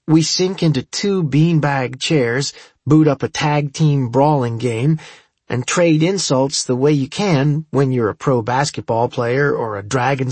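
A man narrates a first-person story as an audiobook in a wry, conversational way. His voice is husky and of middling pitch, recorded close and dry. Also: darkish tone, no room sound.

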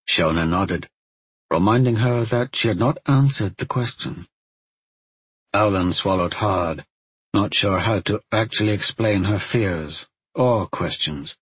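A man with a low, husky voice narrates a fantasy audiobook, slow and hushed to build suspense. The recording is close and dry, with no room sound. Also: dry recording, rough recording.

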